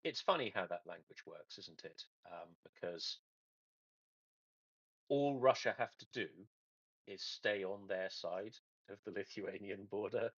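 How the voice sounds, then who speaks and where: A man hosting a casual online chat, joking with dry sarcasm and halting restarts, heard over a dull lo-fi call. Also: fairly low pitch, fairly bright tone, husky, no echo. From England. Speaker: podcast host.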